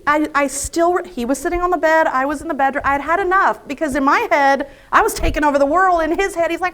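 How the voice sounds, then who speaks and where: Woman, high pitch, live motivational talk, self-deprecating, acts out her thoughts, event room audience. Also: a little fast, few pauses. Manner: chatty, self-deprecating storyteller; animated, acts out her own inner thoughts. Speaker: invited speaker.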